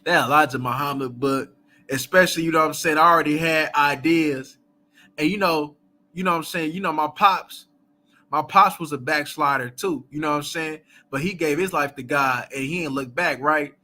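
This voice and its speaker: A man's voice: a little high, normal speed, bright, forceful tone. A man hosting a casual live book chat, talking loosely with many fillers and asides and laughing often between thoughts.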